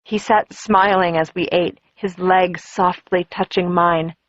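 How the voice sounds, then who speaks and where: Woman, audiobook narrator, measured, dry, muffled. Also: fairly low pitch, steady tone, no echo. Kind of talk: first-person audiobook narration.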